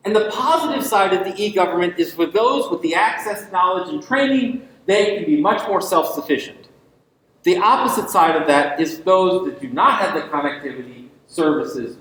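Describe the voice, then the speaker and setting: A man's voice: high voice, a bit bright. A man giving an invited university lecture, talking emphatically with rhetorical questions and ironic asides. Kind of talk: public lecture. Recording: echoey lecture hall.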